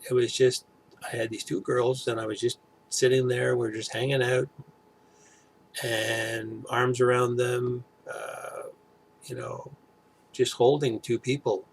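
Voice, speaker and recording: A middle-aged man chats to camera at an average pitch. His voice has a gravelly edge. He rambles and restarts often, filling pauses with hesitant fillers. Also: flat delivery, slight background noise. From Toronto area, Canada. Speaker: vlogger. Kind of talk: casual chat to camera.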